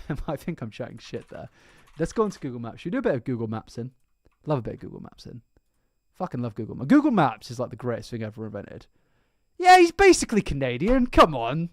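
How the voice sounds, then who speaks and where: A man's voice: mid-range voice, no echo, studio quality. A man chatting casually on his livestream, rambling, swearing freely and mocking himself. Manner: rambling, profane, self-mocking.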